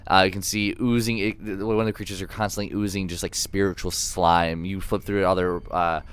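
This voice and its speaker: A man running a tabletop game as dungeon master, narrating with many pauses and fillers. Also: low-pitched, little pitch movement, a bit bright, clear, resonant tone. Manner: hesitant, filler-heavy narration. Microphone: streaming microphone.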